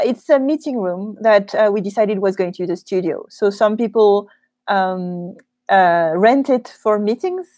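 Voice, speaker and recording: A French teacher with a French accent, chatting in a live question-and-answer session from a small office studio room, laughing easily between frequent ums. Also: female voice, medium pitch, darkish tone, dry recording. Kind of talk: live Q&A chat.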